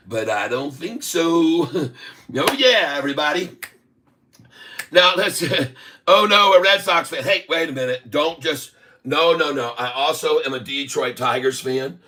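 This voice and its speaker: A man's voice: fairly high pitch, animated, slow pace, pushed and bright. Boisterous Southern man in his 60s. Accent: Southern American. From Southern United States. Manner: boisterous, rhyming, laughing often. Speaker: livestream host. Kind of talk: rambling livestream banter. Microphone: webcam mic.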